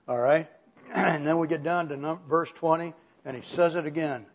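A man preaching an expository sermon, speaking emphatically and pushing his voice up in pitch and volume to stress key points. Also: normal speed, lo-fi sound.

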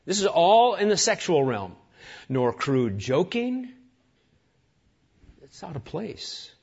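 A man's voice: medium pitch, lo-fi sound. A man preaching a sermon as pastor, earnest and emphatic, piling up lists of words.

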